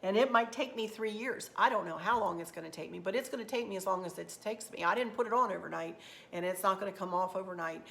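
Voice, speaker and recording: A woman's voice: mid-range voice, fast, gravelly, fairly bright tone. Middle-aged woman, chatty unscripted vlogger, meandering delivery, light room noise behind. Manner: rambling, repeats herself, southern turns of phrase. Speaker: craft channel host. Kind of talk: unscripted casual vlog talk.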